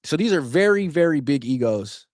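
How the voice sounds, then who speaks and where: A man hosting a sports podcast, giving opinionated solo commentary in an animated, sarcastic way that jumps louder for emphasis. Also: fairly high pitch, moderate pace, no echo, clean studio sound.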